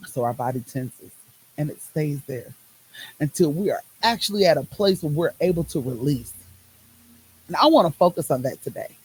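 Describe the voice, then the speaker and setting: A husky, low-pitched, animated woman speaks at normal speed on a low-quality phone recording. She hosts a podcast, works in the medical field, and describes her own life emphatically, repeating phrases rhythmically and using Southern expressions like "y'all."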